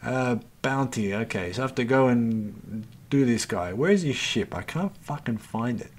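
A man's voice: mid-range voice, lively intonation, normal speed. A man hosting a gaming channel, giving an exasperated, swear-filled running commentary as he plays and talks to himself and to his viewers. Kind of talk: live gameplay commentary.

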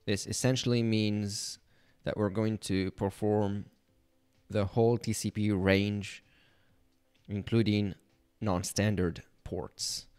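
Male tutorial host, low voice, unhurried delivery, talks through his screen step by step. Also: clear, resonant tone. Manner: thinking aloud, relaxed, with fillers. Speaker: channel host teaching penetration testing. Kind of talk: screen-recorded tutorial walkthrough.

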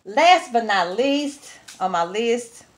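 A woman's voice: fairly high pitch, lively intonation, takes it slowly. A woman from Texas, talking casually to camera in a folksy, chatty way and laughing easily. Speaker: vlogger.

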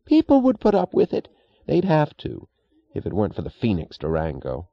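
A man performing a resentful middle-aged railroad executive in an audiobook, whining and defensive, his voice pushed up higher than his natural low register. The sound is dry and a bit dull, like a lo-fi studio recording. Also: wildly swooping pitch, normal speed, gravelly, dry recording, exaggerated voice. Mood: petulant. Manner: whiny, defensive, raised pitch. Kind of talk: audiobook character reading.

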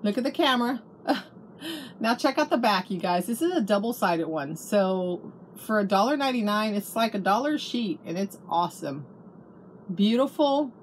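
A middle-aged woman's medium-pitched, expressive voice moves at a moderate pace as she shows and tells about a craft haul at home. Her casual chat is full of gushing and restarted sentences, with slight background noise behind it.

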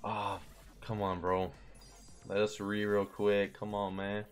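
A young man commentating his own slot stream, pleading with the game, swearing and getting excited. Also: fairly low pitch, slow pace, soft background music. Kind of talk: live gambling stream commentary.

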